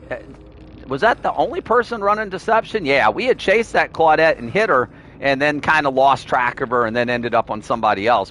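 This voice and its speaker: A man's voice: fairly high pitch, fairly bright tone. A man giving playful, teasing live commentary while streaming a game, sometimes pleading with other players.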